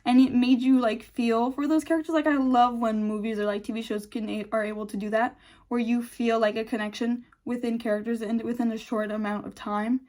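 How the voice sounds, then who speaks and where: A woman's voice: on the high side, steady tone, a little fast, darkish tone. A young woman vlogger chatting casually and emotionally about a TV episode, rambling with many fillers and restarts, close to tears. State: on the verge of tears. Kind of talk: casual chat.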